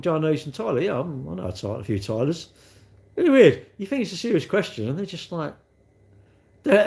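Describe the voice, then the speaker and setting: A man's voice: fairly high pitch, a little mellow. A man, chatting casually on a live stream and answering his chat with cheeky, rambling banter. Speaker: livestreamer reading chat.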